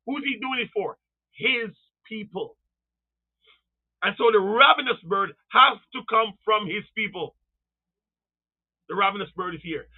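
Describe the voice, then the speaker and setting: A man preaching a fervent sermon, calling out to his listeners, drawing out quoted scripture slowly and rising into cries and shouts. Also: sits high. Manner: calls out to the audience. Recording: tinny phone-like sound.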